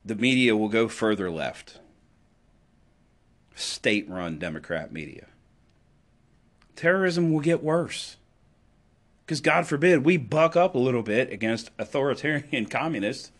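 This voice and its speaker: A man's voice: animated, measured pace, pauses often. Emphatic man in a political monologue. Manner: emphatic, sarcastic, swings between loud and low. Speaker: political commentator.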